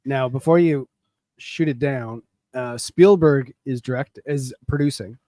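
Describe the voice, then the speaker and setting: A man's voice: medium pitch, measured pace, warm tone, no echo. A man co-hosting a casual podcast, bringing up news items and explaining them. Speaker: podcast co-host. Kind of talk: casual chat.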